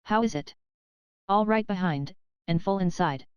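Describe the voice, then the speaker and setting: A woman's voice: lowish voice, measured pace, clean tone, no echo, highs cut off, lightly acted. A woman voicing a grave, plain-spoken elderly male coachman who speaks in an old dialect, swapping v and w sounds.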